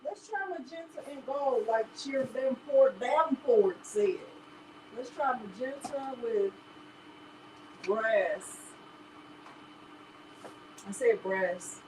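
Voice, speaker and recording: A woman's voice: on the high side, slow pace, pauses often, a little mellow, slight background noise, poor audio. A woman hosting a live crafting tutorial, chatting casually and talking straight to her viewers. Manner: chatty, talks straight to viewers as "y'all", laughs often. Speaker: crafting livestream host.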